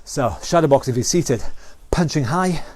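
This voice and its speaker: A man's voice: on the high side, expressive, normal speed, darkish tone, no room sound. A man with a British accent leading an online exercise class, counting down rounds and calling out moves with encouragement. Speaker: fitness instructor.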